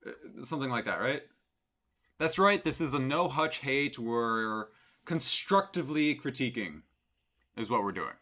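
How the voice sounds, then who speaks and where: A man's voice: mid-range voice, expressive, measured pace, pushed and bright. A man streaming live, reacting to a clip with sarcastic, rambling commentary full of fillers.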